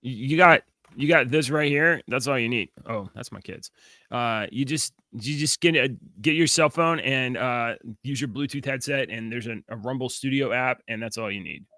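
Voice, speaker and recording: A middle-aged man co-hosting a podcast in relaxed, joking casual chat. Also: medium pitch, normal speed, dry recording. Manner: laid-back, joking, chuckles easily. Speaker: podcast co-host.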